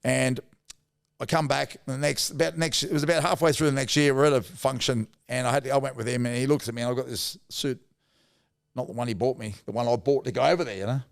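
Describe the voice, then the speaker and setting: Podcast guest: middle-aged Australian man, gravelly mid-range voice, casual rambling yarns. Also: medium pitch, steady tone, fast. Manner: blokey, rambling anecdotes with mild swearing. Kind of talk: casual storytelling.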